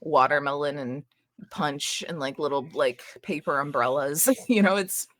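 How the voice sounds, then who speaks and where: A woman's voice: deep voice, unhurried, a bit bright. A woman running a tabletop game as game master, describing scenes casually with many filler words.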